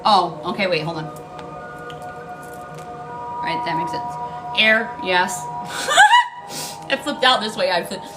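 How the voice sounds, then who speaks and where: A woman's voice: lowish voice, a little slow, long pauses, over loud music, low-quality recording. A woman giving a casual tarot reading, blunt and emphatic, swearing freely and repeating key lines for emphasis. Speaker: tarot card reader.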